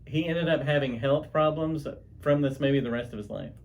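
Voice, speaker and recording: A man's voice: mid-range voice, brisk. A man co-hosting a home podcast, telling stories in a rambling, chatty way with many restarts. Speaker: podcast co-host. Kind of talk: casual chat.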